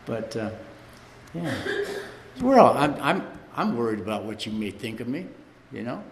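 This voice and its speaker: A man's voice: mid-range voice, sing-song, normal speed, background noise. A man sharing his personal story at a recovery meeting, rambling and conversational, often saying "you know" and laughing through his anecdotes. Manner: laughs while telling stories. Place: meeting room. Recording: echoey hall, faint room ambience.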